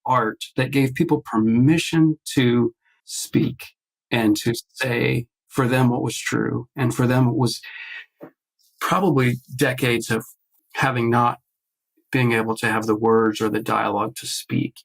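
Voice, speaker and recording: A man's voice: medium pitch, a little slow, creaky, poor audio. A man guest on a video call, telling a personal story in casual conversation and acting out the voices in it. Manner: animated storyteller acting out quotes, many restarts. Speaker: podcast guest, artist.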